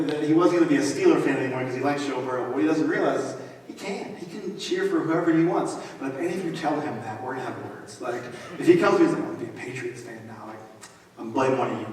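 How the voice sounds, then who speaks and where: A man's voice: on the high side, recorded from a distance. A pastor in his thirties giving a conversational sermon with joking asides, recorded in a large church auditorium. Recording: echoey hall, mic from afar.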